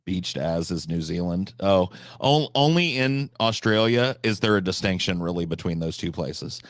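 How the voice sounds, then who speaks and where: A man's voice: deep voice, animated, normal speed, no echo, studio quality. A man from the United States chatting casually on a live stream, blunt and rambling, with frequent swearing.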